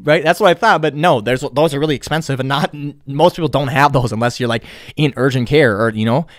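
A man's voice: medium pitch, quick pace, no room sound, studio quality. A young adult man, a podcast host, telling a personal story in a casual, rambling way, swearing often and slipping in sarcastic asides.

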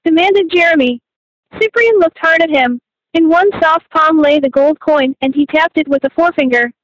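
High-voiced woman narrating an audiobook. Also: normal speed, no room sound, lo-fi sound. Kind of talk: scripted narration.

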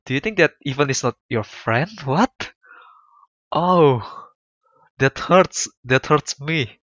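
A man's voice: mid-range voice, expressive, moderate pace, a bit bright, dry recording, highs cut off. A young man streaming a visual novel, reacting emotionally and apologizing often as he plays. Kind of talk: let's play commentary.

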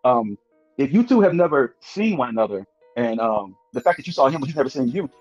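A man's voice: medium pitch, very animated, a little fast, no echo, muffled recording, faint music behind. A man hosting a live stream, pressing a guest with probing questions and cutting in to challenge her. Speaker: host.

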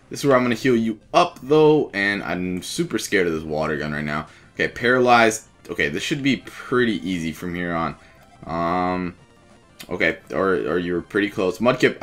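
A young man with a fairly low voice talks through his gameplay in a loose, chatty way, swearing often and getting frustrated easily. Faint music plays behind him. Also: fairly bright tone. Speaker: let's play gamer. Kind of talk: casual gameplay commentary.

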